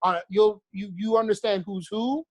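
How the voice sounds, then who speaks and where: A man co-hosting a podcast in casual chat, blunt and swearing a lot as he talks in quick bursts. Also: sits high, fairly even intonation, no echo. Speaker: podcast co-host.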